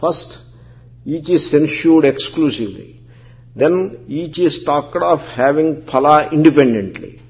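A man's voice: fairly high pitch, unhurried. A man, teaching scripture as a swami in a conversational, explanatory lecture. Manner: conversational, explanatory, peppered with Sanskrit terms. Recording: tinny phone-like recording.

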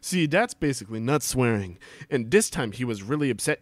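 A man's voice: mid-range voice, big pitch swings, fairly quick, no room sound. A man reading a story aloud for laughs, breaking off for mocking asides and laughing a lot. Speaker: reader. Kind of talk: comedic dramatic reading with asides.

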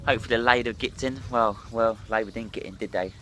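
A man's voice: fairly low pitch, fairly even intonation, quick pace, a bit bright, a little hiss or hum. A hungover man, ranting and swearing bluntly in a rambling vlog monologue while drinking. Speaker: drinking vlogger.

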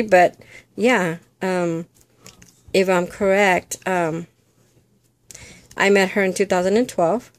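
Slow, chatty older woman vlogging. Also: dry recording. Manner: chatty, rambling with many fillers; coos in a high baby-talk voice to her doll. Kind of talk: casual chat to camera.

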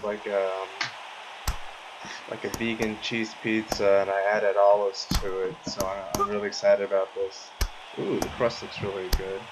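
A man's voice: on the low side, muffled recording, noisy background. A man casually chatting as he plays a VR boxing game and eats pizza, easygoing and full of fillers. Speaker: gaming vlogger. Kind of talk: casual commentary over VR boxing.

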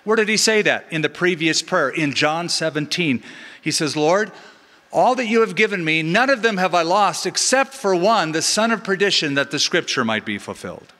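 A middle-aged pastor preaches with a bright, ringing voice pitched a touch above most men. He teaches in an animated way and slips in joking asides. His words carry a long reverb from the big church hall. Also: normal speed. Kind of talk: sermon. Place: large church sanctuary.

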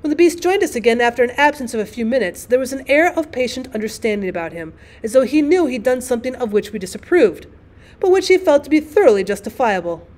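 A woman teacher reading a classic short story aloud as an audiobook, with expressive, dramatic storytelling. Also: on the high side, fast talker.

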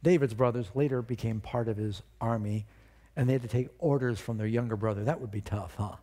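A male pastor preaching a sermon, retelling a story with lively storytelling and questions for the congregation. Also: medium pitch, fairly quick.

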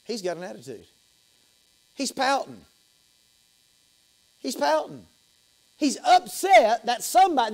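This is a sermon from a high-voiced, middle-aged pastor with a Southern US accent, who preaches emphatically and repeats himself while moving between loud bursts and hushed moments.

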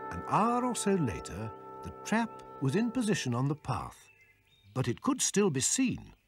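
A man reading scripted storybook narration in a lively, expressive way. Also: on the high side, measured pace, music in the background.

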